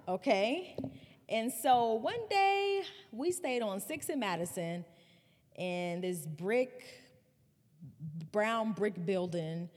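A woman in her thirties hosting a podcast, telling a personal story in a candid, animated way. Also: medium pitch, long reverb tail. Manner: candid, animated retelling with laughs and swearing. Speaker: podcast host.

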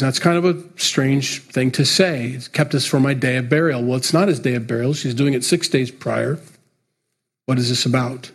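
A man delivers a sermon, his voice slightly husky and rough at the edges. He preaches in an earnest, emphatic way but keeps it conversational, as if talking straight to the congregation. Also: mid-range voice, normal speed. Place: church.

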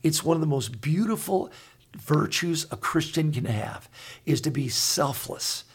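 A man in his sixties, co-host of a Christian talk show, telling stories in an earnest, halting way with many restarts. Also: fairly high pitch, animated, slightly rough. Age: 60s. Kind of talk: conversational storytelling.

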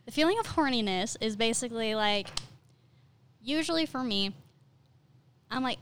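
A woman's voice: a little high, expressive, moderate pace, a bit bright. A young woman co-hosting a podcast, chatting candidly and giggling as she acts out inner voices. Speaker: podcast co-host. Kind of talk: casual chat.

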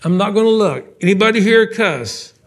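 High-voiced preacher, lively and joking. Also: male voice, moderate pace. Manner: animated, joking, fires off rhetorical questions. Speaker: pastor. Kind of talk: sermon. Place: church sanctuary, live service.

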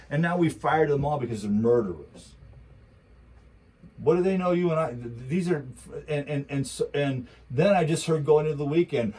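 A man's voice: fairly high pitch, fairly quick, dark tone, slightly rough, poor audio. A man talking politics in a casual chat, ranting heatedly with lots of rhetorical repetition. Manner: mocking quoted voices.

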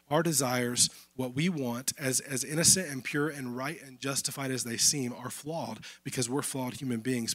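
A man's voice: medium pitch, fairly bright tone, dry recording. A man preaching a sermon in a casual, conversational way. He is losing his voice. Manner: conversational preaching, addressing listeners as y'all. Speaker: pastor.

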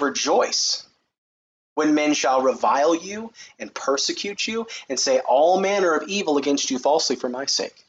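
A man preaching a sermon who reads scripture in a raised, high voice and then talks to the congregation in a casual way. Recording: dull, lo-fi recording with faint noise.

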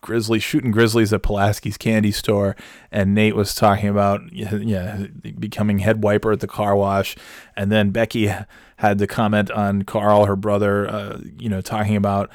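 A man with a low voice tells a casual, rambling story, swearing freely and stumbling through restarts. His voice is recorded dry and close, with no room sound. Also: completely flat delivery, normal speed, darkish tone, no echo. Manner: rambling, profane, with many restarts. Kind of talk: casual anecdote.

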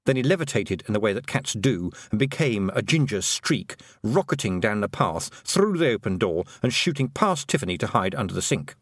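A man narrating a children's fantasy audiobook, expressive and playful. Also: on the low side, moderate pace, few pauses, dry recording, clean studio sound. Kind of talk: scripted narration.

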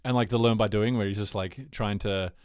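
A man with a fairly low voice chats casually on a podcast, jumping into quick put-on voices to act out scenes. The sound is close and dry, with no room around it. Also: steady tone, clean tone, no echo. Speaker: podcast co-host. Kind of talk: casual chat about TV shows.

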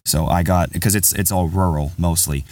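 Deep-voiced male podcast host, candid and rambling, sitting a little back from the mic. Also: normal speed, darkish tone, dry recording, far from the mic. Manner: rambling, candid, says "bro" a lot. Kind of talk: casual podcast storytelling.

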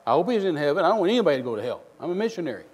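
A male missionary preacher delivering a sermon, telling folksy stories with bursts of loud outrage. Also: fairly high pitch, very animated, rapid-fire, big-room sound.

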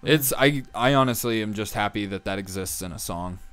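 A young man co-hosts a podcast, talking casually in a rambling way with plenty of fillers and restarts. His voice is fairly low, smooth and a bit bright, and he speaks a little fast.

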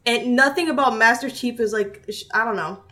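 A woman's voice: on the high side, a little fast, bright, forceful tone. A young woman, a kindergarten teacher, chatting casually on a podcast and acting out quotes as she tells stories. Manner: chatty storyteller, acts out quotes. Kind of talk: casual chat.

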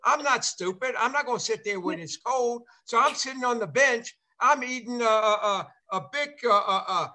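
An older man hosting a casual video call chat, rambling and excitable with lots of uh fillers. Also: very high-pitched, moderate pace, hardly any pauses. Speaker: show host, former ballplayer.

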